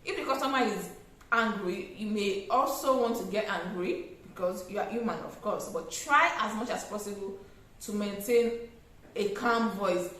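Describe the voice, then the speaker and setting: Animated Nigerian woman in an echoey room. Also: mid-range voice, normal speed. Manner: animated, acts out customer exchanges, laughs often. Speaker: small business owner giving tips. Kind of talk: casual advice vlog.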